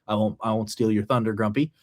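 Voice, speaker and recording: A man's voice: fairly low pitch, fairly even intonation, fast. A man co-hosting a sports podcast, agreeable and careful to hedge in casual chat. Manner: agreeable, hedging. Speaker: podcast co-host.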